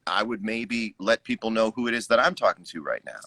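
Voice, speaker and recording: A man's voice: lowish voice, lively intonation, brisk, vocal fry, pushed and bright, no room sound. A man, a musician guest, chatting casually on a live stream and musing aloud, acting out his own inner remarks. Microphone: video call.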